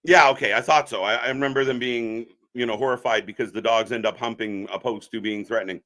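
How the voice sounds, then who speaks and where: A man with a bright, forceful voice gives casual live wrestling commentary on a stream. He chats with viewers and breaks into loud reactions at big moments. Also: medium pitch, steady tone, quick pace. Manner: chatty, reacts loudly to the action.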